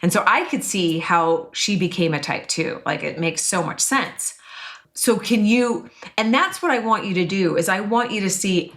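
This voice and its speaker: A woman teaching about personality types in a chatty, expressive way, often acting out quotes. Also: mid-range voice, normal speed. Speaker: Enneagram coach and teacher. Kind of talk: casual teaching talk to an online class.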